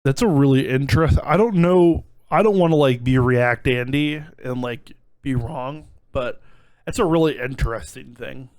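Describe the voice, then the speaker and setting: A man's voice: mid-range voice, normal speed, a little mellow, no room sound. A man co-hosting a casual podcast chat, rambling with lots of fillers and laughing often. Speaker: podcast co-host.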